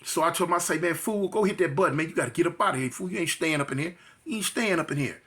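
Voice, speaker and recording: Recounting his jail experiences, this man from California talks rapid-fire in a fairly high-pitched voice. The story is slangy and relaxed, and he brings it to life by performing quotes, voices and sound effects.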